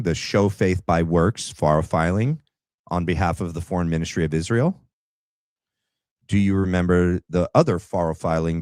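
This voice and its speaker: A man with a very low voice hosts a casual commentary livestream. He speaks to his chat with rambling asides. The sound is dry and close. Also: darkish tone, no echo. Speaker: livestream host.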